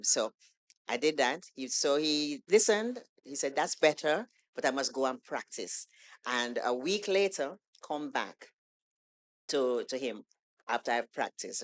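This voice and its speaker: A woman guest on a podcast, telling a story in a casual, animated way and acting out the lines of the people in it. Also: sits low. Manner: animated storytelling, acts out quoted dialogue. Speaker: guest poet.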